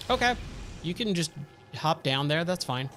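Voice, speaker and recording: A man's voice: on the high side, animated, moderate pace, a bit bright, slight background noise. A man giving casual, rambling commentary as he streams a game, thinking aloud and wandering off into tangents. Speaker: gaming streamer.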